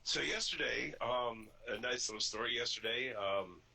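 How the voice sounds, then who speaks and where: A man who drives trucks, a regular on a casual podcast, working through a point out loud in a deliberate way. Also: mid-range voice, gravelly, husky, rough recording.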